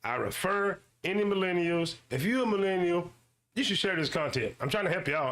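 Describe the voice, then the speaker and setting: A man hosting his own show, ranting and swearing in slang, repeating himself and mocking others in high-pitched voices. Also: animated, a little fast. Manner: loud swearing rant with slang and repetition. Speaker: YouTube show host. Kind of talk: ranting commentary monologue.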